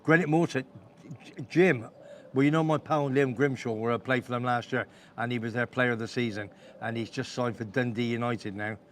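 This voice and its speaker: A man's voice: medium pitch, steady tone, brisk, a little hiss or hum. A man hosting a live stream in casual chat, rambling along and calling people son and big man. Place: outdoor cafe. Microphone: phone on a live stream.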